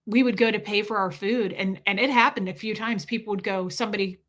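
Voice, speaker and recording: A woman hosting a livestream, answering viewer questions in a casual, animated, rambling way. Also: mid-range voice. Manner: animated rambling storytelling, quick bursts. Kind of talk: casual chat.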